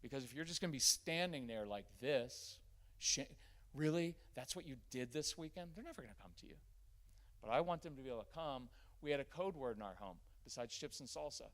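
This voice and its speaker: A man's voice: medium pitch, brisk. A man giving a live parenting workshop in a church, talking straight to his audience and acting out what parents and kids say. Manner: animated, acts out quoted parents and kids.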